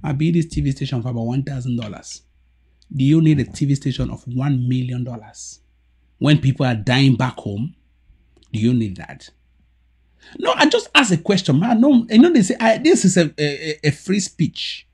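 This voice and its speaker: Man with a Cameroonian Pidgin accent ranting on politics, husky voice, swings wildly in pitch. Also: animated, moderate pace. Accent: Cameroonian Pidgin English. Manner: switches between loud shouting outbursts and low muttering. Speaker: political commentator. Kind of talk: impassioned political rant. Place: home TV studio setup.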